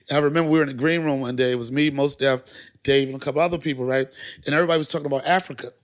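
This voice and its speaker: A man telling stories in a casual podcast chat, animated and swearing freely. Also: mid-range voice, very fast. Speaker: podcast guest, former TV sketch actor.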